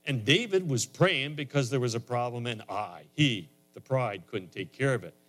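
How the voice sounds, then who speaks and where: A man delivers a sermon in an easygoing, conversational style. His voice sits at a middling pitch for a man and rises well above it, and louder, when he stresses a point. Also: expressive, moderate pace. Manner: conversational preaching that swells louder and higher on emphatic lines. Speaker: pastor.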